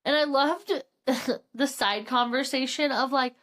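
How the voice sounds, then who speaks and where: A woman's voice: sits high, a little slow, fairly bright tone. A woman co-hosting a podcast, casually retelling a book's plot with swearing and acted-out quotes. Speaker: podcast co-host. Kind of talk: casual book recap chat.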